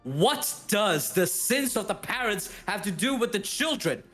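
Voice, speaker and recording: A man's voice: high-pitched, big pitch swings, a little slow, sharp tone, faint music behind, heavily acted. A man voicing a rash young male hero who argues in heated, accusing outbursts. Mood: indignant.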